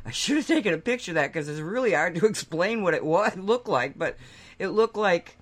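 A woman's voice: on the low side, expressive, brisk. A woman co-hosting a radio talk show, telling a long anecdote in casual chat and laughing often. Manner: chatty storytelling, laughs often.

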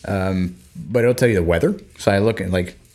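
A man chatting casually on a podcast, animated and acting out little scenes as he talks. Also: low-pitched, fairly quick. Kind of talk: casual chat. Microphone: desk microphone.

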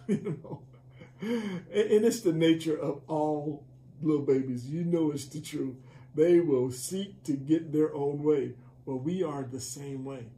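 A man's voice: fairly high pitch, a little slow, warm tone. A man teaching a church Bible study in a conversational preaching manner, often repeating and restarting phrases.

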